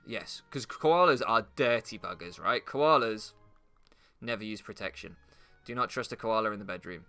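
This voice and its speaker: Young british guy ranting sarcastic over a game, sharp bright voice, faint music under it. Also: lowish voice, normal speed. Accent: British English. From England. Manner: crude, sarcastic, rambling. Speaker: gaming commentator. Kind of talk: rambling commentary over gameplay.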